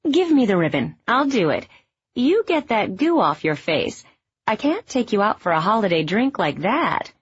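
A woman reading aloud, voicing a playful young woman dancer with an unhurried, teasing manner. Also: mid-range voice, very animated, breathy edge, lo-fi sound.

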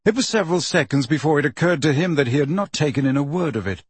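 A man narrating an audiobook in steady storytelling. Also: fairly high pitch, fast talker, husky, no echo. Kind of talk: scripted narration.

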